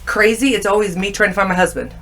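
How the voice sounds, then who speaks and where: A fast-talking woman with a mid-range voice appears as a guest in casual talk, animatedly telling stories and voicing other people's lines.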